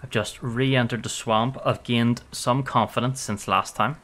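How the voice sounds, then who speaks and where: A man's voice: mid-range voice, steady tone, a little slow, fairly bright tone. A man streaming a survival game, reacting jumpily with exclamations and swearing while talking to his chat. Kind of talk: live game commentary.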